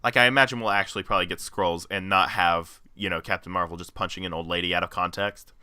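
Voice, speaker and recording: A young man in his twenties chats casually as a podcast co-host, rambling through jokes and laughing at his own asides. His voice sits somewhat low but sounds bright and forward, recorded dry and close. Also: steady tone, fast talker, clean tone, no room sound. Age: 20s. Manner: joking, rambling, laughs often. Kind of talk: casual chat.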